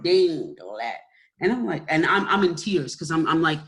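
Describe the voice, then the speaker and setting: A woman co-hosting a podcast, an evangelist telling a personal story in an emotional, animated way with many restarts. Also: low-pitched, brisk. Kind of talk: personal storytelling in casual chat.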